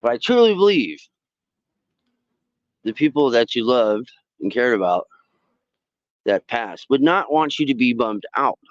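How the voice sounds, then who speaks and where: A man hosting a fishing livestream, telling stories in a casual, rambling way, swearing freely and putting on high voices when he quotes people. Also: big pitch swings, measured pace, pauses often, dry recording, muffled recording.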